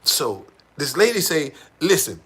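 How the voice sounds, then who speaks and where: A man telling stories casually to a small group, animated and profane, repeating words as he goes. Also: on the high side, a little slow, breathy edge.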